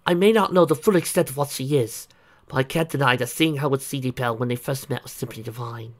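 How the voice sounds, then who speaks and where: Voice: medium pitch, quick pace, voice pushed up, close to an everyday voice. A reader voicing a refined, dramatic female unicorn who speaks in a poised, articulate way. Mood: fond.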